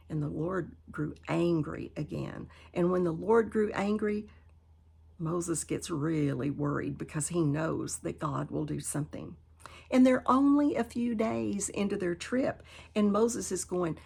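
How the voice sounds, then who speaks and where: Gravelly-voiced woman teaching Bible study. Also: lowish voice, measured pace. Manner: reads scripture then paraphrases with animated emphasis.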